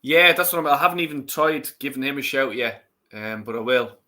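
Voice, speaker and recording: An Irish man hosting a football watch-along, chatting casually and swearing loudly at the match. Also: medium pitch, expressive, a little fast.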